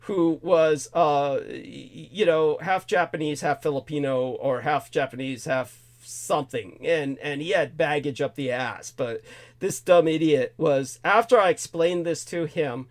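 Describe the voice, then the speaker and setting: A man hosting a talk show, ranting in an animated, indignant way with many fillers, restarts and curses. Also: fairly high pitch, a little slow. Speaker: host.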